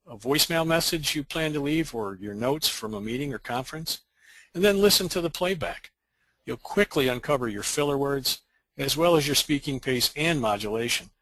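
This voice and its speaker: A man co-presenting a training webinar, reading a scripted dialogue in a measured, explanatory way. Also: mid-range voice, a bit bright, no echo, poor audio.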